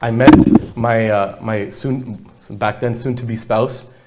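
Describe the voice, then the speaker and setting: A man's voice: mid-range voice, steady tone, slow pace, heavy background noise. A man, giving a keynote talk and telling his life story, acting out family dialogue as he goes. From Canada. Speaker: keynote speaker.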